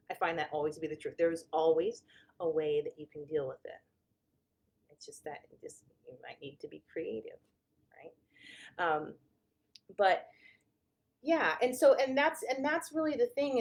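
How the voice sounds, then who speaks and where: A woman therapist speaks in a low, grounded voice, talking straight to her viewers. Her delivery is conversational and candid, and she often restarts her sentences as she works out how to explain things. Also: darkish tone. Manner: conversational, self-correcting, candid.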